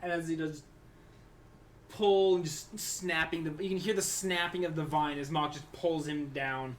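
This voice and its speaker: A game master narrates a tabletop game casually and ramblingly, swearing and leaning heavily on fillers like "like" and "uh". His mid-range voice is steady at a moderate pace, with a bit of hiss or hum in the recording.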